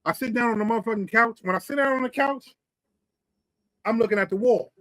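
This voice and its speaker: High-voiced New man telling stories. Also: fairly quick, no room sound, poor audio. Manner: profane, rambling, animated storyteller. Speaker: podcast co-host. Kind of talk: casual storytelling.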